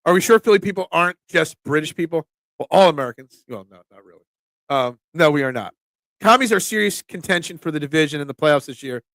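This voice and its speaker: A man's voice: fairly high pitch, pushed and bright, no echo. A man from Philadelphia with a Philly accent, hosting a casual sports talk stream, joking with viewers and dropping lots of ums. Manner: chatty, joking with chat, frequent ums. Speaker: sports talk show host.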